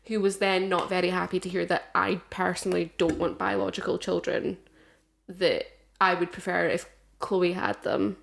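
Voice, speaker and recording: A woman's voice: lowish voice, moderate pace, gravelly, slight background noise. A woman co-hosting a casual podcast, telling stories in a chatty way on a podcast microphone. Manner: chatty storyteller who acts out quoted voices. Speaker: podcast co-host.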